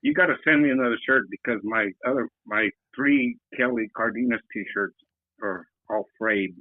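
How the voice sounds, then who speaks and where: A man's voice: lowish voice, normal speed, no room sound. Elderly man, casual guest storyteller who chuckles, heard over a phone line. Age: 70s. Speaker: guest, host's uncle. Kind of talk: casual chat. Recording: tinny phone line, dry.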